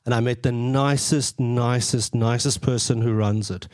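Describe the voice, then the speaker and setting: A man's voice: medium pitch, fairly even intonation, normal speed, a little mellow, dry recording, clean studio sound. A young adult man with a South African accent, co-hosting a radio show in loose, chatty banter and swearing casually. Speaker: radio co-host.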